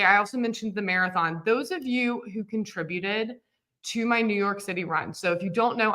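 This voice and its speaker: A woman's voice: medium pitch, bright, forceful tone. A woman, hosting a live-streamed quilting lesson in a chatty, upbeat way and walking viewers through each step. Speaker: quilting teacher and host.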